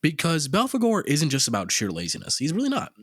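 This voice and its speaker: A man's voice: a little high, huge pitch swings, quick pace, fairly bright tone, husky, no room sound, studio quality. A man co-hosting a casual podcast, telling a story in a rambling, profane way with lots of fillers. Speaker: podcast co-host.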